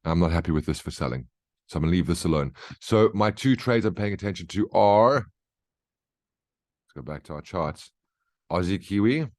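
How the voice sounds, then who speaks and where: With a low, animated voice at normal speed, a trading educator pauses often as he talks through a casual chart-based market briefing. He explains his reasoning conversationally, checking in with "right?" and "okay?". The sound is clean studio quality with no room sound.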